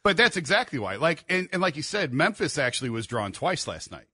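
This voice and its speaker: Sports reporter guy on radio, explains stuff in detail, bright voice, dead dry studio. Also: fairly high pitch, sing-song, brisk, husky, dry recording. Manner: explanatory, chatty, talks through details. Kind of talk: sports talk radio banter.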